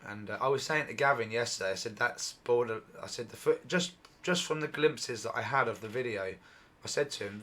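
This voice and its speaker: A middle-aged man hosting a UFO channel, giving excited, repetitive commentary over video footage, his voice going hoarse. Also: medium pitch, fairly quick, few pauses. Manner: excitable, repetitive, exclaims often.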